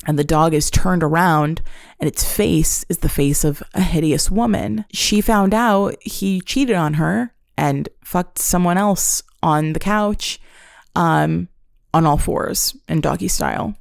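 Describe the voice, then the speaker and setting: Low gravelly woman, casual podcast. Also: takes it slowly, dry recording, studio quality. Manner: profane, sarcastic, laughs while recapping. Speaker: podcast host. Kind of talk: casual solo podcast storytelling.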